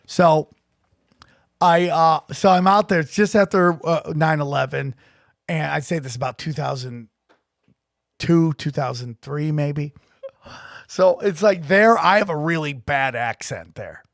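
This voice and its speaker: A man co-hosting a podcast, telling profane, animated stories in casual chat and acting out the people he quotes. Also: on the high side, measured pace, creaky, dry recording, clean studio sound. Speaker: podcast co-host.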